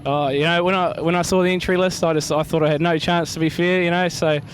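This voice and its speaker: Elated New Zealand driver, flat voice. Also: male voice, on the high side, fast talker, slight background noise. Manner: elated, repeats mate and stoked. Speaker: racing driver. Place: outdoors at a speedway.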